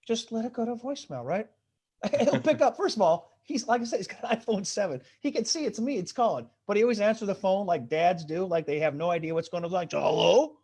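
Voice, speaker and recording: A man's voice: sits high, animated, quick pace, darkish tone, breathy edge. A male stand-up comedian tells rambling stories over a video call. He keeps insisting "I swear to God" and tumbles from one anecdote to the next.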